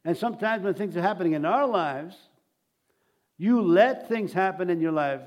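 A man with a high, slightly mellow voice preaches a sermon at a normal pace, his intonation lively. He retells scripture stories, acting out the quoted lines, and keeps restarting as he rambles along.

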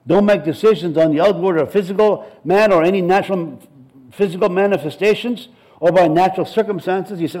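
A man's voice: high voice, lively intonation, a little fast, mellow, low-quality recording. A middle-aged male pastor preaching a sermon, emphatic and repetitive, building in intensity as he presses his points.

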